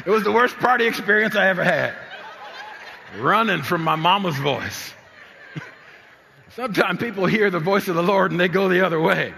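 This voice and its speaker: A man's voice: on the high side, moderate pace, gravelly, sharp tone, in a large hall, a little hiss or hum. A man in his sixties from New Jersey, a pastor preaching and telling a story from his youth with lots of repetition and laughter. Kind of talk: sermon with personal storytelling.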